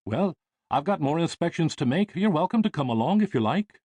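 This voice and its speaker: A man doing a brisk friendly shipbuilder. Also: a little high, sing-song, a little mellow, no room sound, voice pushed up. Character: busy friendly male ship designer.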